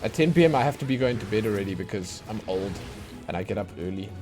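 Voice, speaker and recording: A man's voice: fairly low pitch, animated, quick pace. Tired, rambling male streamer. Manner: rambling, chatty, self-mocking. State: tired from lack of sleep. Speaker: let's play streamer. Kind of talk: casual chat while gaming. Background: faint game music.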